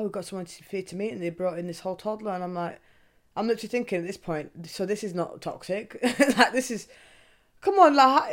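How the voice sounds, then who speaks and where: Young woman, podcast host, candid confessional chat, swears freely. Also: on the low side. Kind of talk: casual confessional monologue.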